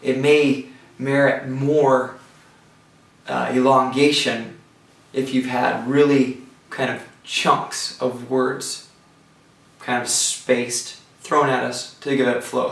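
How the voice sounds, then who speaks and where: A man teaching a songwriting lecture, talking thoughtfully with pauses and restarts, recorded from a distance from the mic. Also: mid-range voice, level tone, creaky. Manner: thoughtful, with pauses and restarts, breaks into sung examples. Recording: roomy sound from a distance from the mic.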